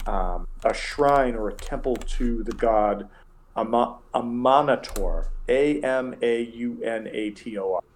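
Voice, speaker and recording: Young male dungeon master, rambly and casual, faint hiss. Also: lowish voice. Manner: rambling, many fillers and restarts. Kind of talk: narrating a tabletop game.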